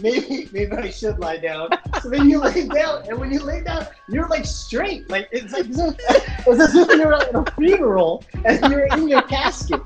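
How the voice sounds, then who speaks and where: A speaker retelling a shared memory in a casual chat, animated and quick to laugh. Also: sits high, music in the background, poor audio.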